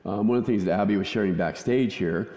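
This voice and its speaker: A man preaching a conversational, joking sermon in a church, chatty and quick to laugh. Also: fairly low pitch, dark tone. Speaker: pastor. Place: church sanctuary. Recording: echoey church hall.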